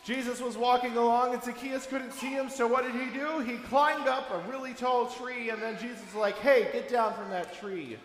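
A man's voice: very high-pitched, steady tone, moderate pace, few pauses. Playful man leading children's chapel. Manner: playful, coaxing a young crowd, bursts of shouting and singing. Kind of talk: children's chapel talk with songs. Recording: echoey hall, long reverb.

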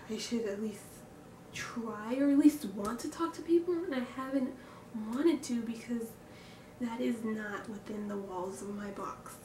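A woman's voice: fairly high pitch, dark tone. Young woman vlogging candidly in an echoey room. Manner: reflective and candid, with hesitant fillers and sighs. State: breathing hard from nerves. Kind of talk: personal confessional vlog. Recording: echoey room, distant mic, background noise.

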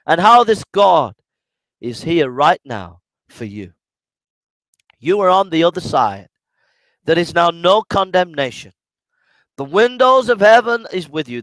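Fervent high-voiced man preaching loudly. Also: dry recording, poor audio. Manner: fervent, shouting in waves then dropping low. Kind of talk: sermon and prayer.

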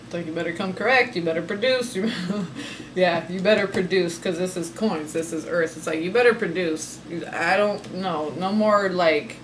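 A woman's voice: fairly low pitch, moderate pace, slight background noise, poor audio. A woman giving a casual, sassy tarot reading, talking emphatically and laughing often. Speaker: tarot reader.

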